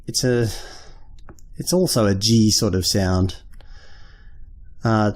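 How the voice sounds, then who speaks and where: A man teaching a lesson at a board, slowly and patiently repeating syllables and correcting himself aloud. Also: fairly low pitch, a little mellow. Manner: thinks aloud, self-correcting. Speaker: language teacher. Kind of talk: whiteboard lesson.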